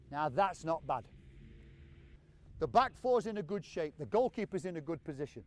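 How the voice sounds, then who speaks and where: A man with a raised, high-pitched voice coaches players on an outdoor football pitch. He calls out brisk, encouraging commands and explains the drill as it runs. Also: big pitch swings, a little mellow, a little hiss or hum.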